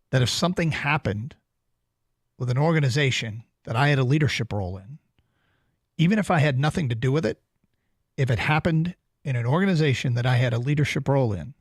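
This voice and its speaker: A male sports radio host speaking into a studio microphone, his voice slightly husky and recorded very dry. He talks in a deliberate, emphatic way, circling back and repeating phrases to drive home a point. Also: mid-range voice, no echo. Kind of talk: sports talk radio banter and commentary.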